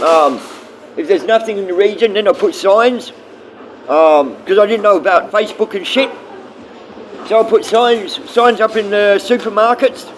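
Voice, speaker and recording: A man's voice: high-pitched, a little hiss or hum, low-quality recording. A man with an Australian accent streaming live, rambling bluntly and swearing often as he talks to his chat.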